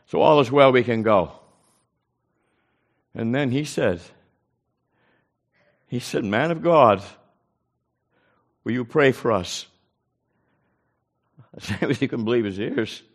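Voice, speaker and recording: A preacher telling a personal story in a folksy way, acting out the dialogue of the people in it. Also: male voice, medium pitch, slow pace, creaky, pauses often. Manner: folksy, animated retelling with quoted dialogue. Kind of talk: storytelling testimony.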